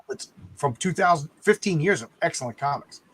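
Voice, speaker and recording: A man's voice: a little high, animated, a little fast, fairly bright tone, breathy edge, dry recording. A man co-hosting a casual talk about comic books, rambling and often repeating words as he thinks. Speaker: podcast co-host. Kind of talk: casual comic book discussion.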